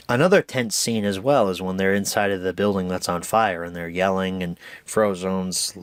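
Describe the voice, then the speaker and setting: A man chats through a casual movie review, enthusiastic and rambling. His voice sits at a middle pitch, with a dry, close sound. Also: moderate pace, hardly any pauses, smooth, no room sound. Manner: chatty, enthusiastic, with restarts and laughs.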